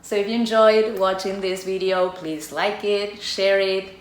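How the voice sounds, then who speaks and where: A middle-aged woman from Buenos Aires with an Argentine Spanish accent. She is a tango teacher explaining culture in a chatty, expressive way and acts out little scenes. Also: mid-range voice, unhurried. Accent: Argentine Spanish (porteño). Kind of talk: casual explanatory vlog. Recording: echoey room with faint ambience.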